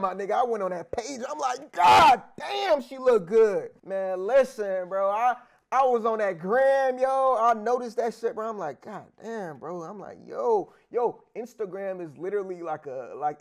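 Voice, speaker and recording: Gravelly high-voiced man, animated and profane. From Africa. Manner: animated, profane slang, acts out dialogue in other voices. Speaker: interview guest, sports bettor. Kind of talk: casual storytelling chat.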